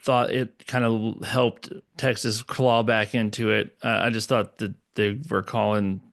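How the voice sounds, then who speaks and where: A man's voice: on the low side, flat delivery, a little slow, vocal fry. A man co-hosting a basketball recap show, talking in a loose, casual way with plenty of fillers. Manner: loose, conversational, lots of fillers. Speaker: podcast co-host. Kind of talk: casual sports recap chat.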